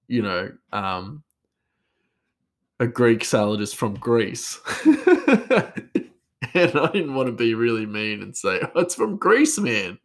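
A man, a chef, telling a story in a rambling, casual way and chuckling often. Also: mid-range voice.

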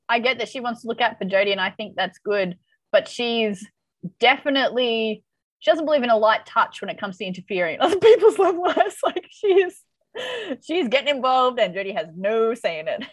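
Woman, podcast co-host, casual recap chat, lively swooping voice, dry close sound. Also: fairly high pitch, fairly quick, no room sound. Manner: animated, laughs often, acts out quotes.

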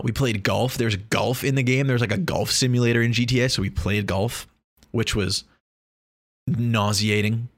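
A young man with a slightly low voice riffs through a loose, casual monologue. He rambles, restarts and jokes, dropping profanity without a second thought. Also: dry recording, clean studio sound.

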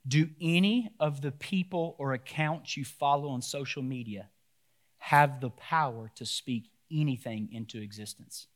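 A pastor preaching a sermon to his church, swinging between loud, animated outbursts and quiet, emphatic points. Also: medium pitch, a little slow.

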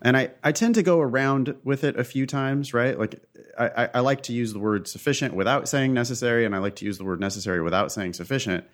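A man's voice: mid-range voice, fast talker, hardly any pauses. A man co-hosting a casual tutoring chat, explaining logic terms emphatically and bluntly, checking in with his listener. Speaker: co-host tutor.

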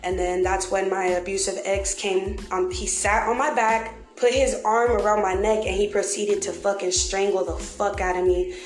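A woman candidly telling her own story to the camera, blunt and heavily profane, with dark humor. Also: medium pitch, steady tone, moderate pace. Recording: echoey room with faint music.

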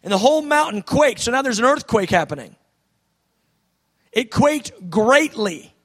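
A man preaching a sermon, dramatic, swinging between shouts and hushed tones. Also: extremely high pitch, big pitch swings, unhurried.

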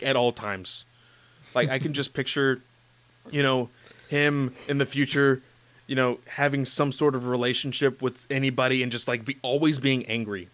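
An excitable man talks in a casual chat, gushing with enthusiasm and filling every pause with "like" and "you know". His voice is smooth and clear, at a middle pitch. It is recorded close and dry, with no room sound. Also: dry recording. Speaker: podcast host discussing anime.

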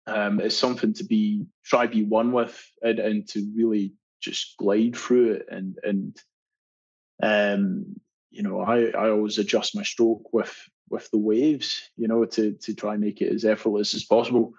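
A Scottish marathon swimmer guests on a podcast, telling stories in a casual interview with a fairly low, breathy voice at a measured pace. He's an animated storyteller who laughs often and restarts frequently. The recording has a dull, lo-fi sound.

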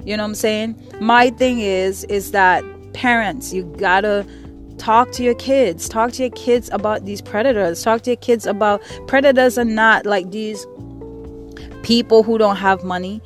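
Middle-aged woman host, angry and profane, repeating her points hard, mid-pitched voice, soft music behind. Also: normal speed. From Caribbean. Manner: angry, profane, repetitive emphatic speech. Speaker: podcast host. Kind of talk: impassioned monologue.

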